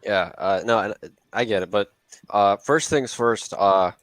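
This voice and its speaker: A man's voice: on the low side, a little slow, a bit bright, no echo. A man speaking bluntly but hesitantly, with many fillers, in a casual video call debate.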